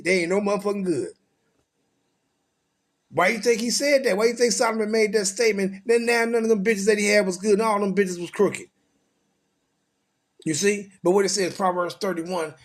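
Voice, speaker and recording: A man preaching from scripture in a crude, profane way, firing rhetorical questions and rising into loud, high bursts. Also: lively intonation, a little slow, breathy edge.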